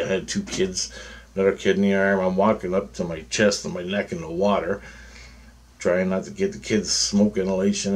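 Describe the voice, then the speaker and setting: A man's voice: low-pitched, slight background noise. A man telling a long dream story in a casual, meandering, profane way.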